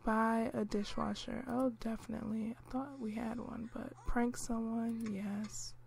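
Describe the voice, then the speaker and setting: Chatty woman with a gravelly edge. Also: on the high side, unhurried, slight background noise. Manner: chatty, relaxed, many fillers. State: clearing throat, hiccuping and coughing. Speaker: gameplay commentator. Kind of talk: casual gameplay narration.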